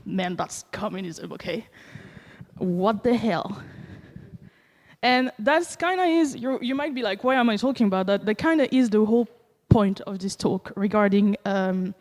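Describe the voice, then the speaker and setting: A woman from France with a French accent, giving a conference talk, animated and acting out quoted reactions with many fillers. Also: medium pitch, big-room sound. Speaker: conference speaker. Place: conference hall.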